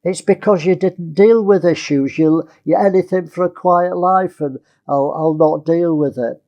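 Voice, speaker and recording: A man's voice: fairly high pitch, measured pace, darkish tone, dull audio. A male preacher giving a conversational sermon, asking his listeners rhetorical questions.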